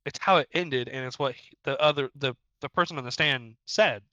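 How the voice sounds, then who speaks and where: A man co-hosting a podcast who cuts in with quick, joking remarks in casual chat. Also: mid-range voice, bright, forceful tone, no echo, dull audio. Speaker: podcast co-host.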